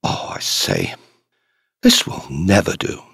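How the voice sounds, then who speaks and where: A man reading the part of a quiet, patient, shrewd elderly priest in an audiobook, subdued in manner. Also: deep voice, wildly swooping pitch, takes it slowly, creaky, slightly rough, no room sound, whispered, studio quality, big-room sound, exaggerated voice. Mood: grave.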